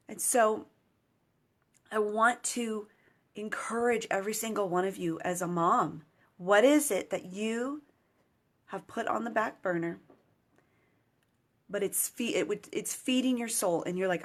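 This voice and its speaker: A woman's voice: medium pitch, unhurried, pauses often. A woman in her thirties, a mom and certified mentor, talking earnestly and encouragingly straight to the camera in a casual motivational vlog. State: choked up with emotion at times. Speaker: certified mentor speaking to moms.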